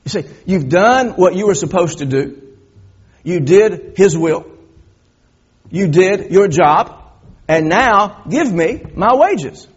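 Husky-voiced man preaching a sermon. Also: high-pitched, slow pace, long pauses, dull audio. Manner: preaching with rising emphasis, rhetorical questions. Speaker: pastor.

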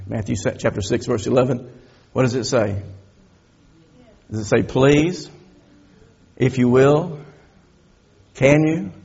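A man's voice: on the low side, creaky, a little mellow, slightly rough, muffled recording. A middle-aged man preaching a sermon, building emphasis and asking rhetorical questions of his listeners. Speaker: pastor.

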